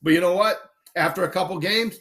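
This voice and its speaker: A man spins casual stories on a live stream, his voice sitting a little high for a man. He keeps the pace loose and acts out other people's lines as he goes. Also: brisk. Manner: animated anecdotes, acts out voices and shouts. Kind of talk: casual storytelling.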